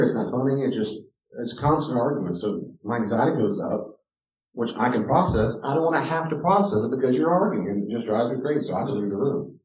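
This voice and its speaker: A man, a counselor, giving an informal teaching talk with personal stories. He is animated and restarts often, dropping to quiet asides and rising to loud emphasis. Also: medium pitch, fast, slight background noise. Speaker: counselor teaching a parenting class. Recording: echoey room, distant mic, dull sound.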